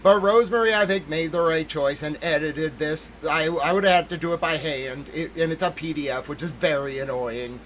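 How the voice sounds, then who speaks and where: A man hosting a livestream, talking in an excitable, emphatic way and greeting chat members by name. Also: fairly high pitch, a little fast, few pauses, a little hiss or hum, low-quality recording. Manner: excitable, emphatic, keeps repeating "listen to me". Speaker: livestream host. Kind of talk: livestream commentary.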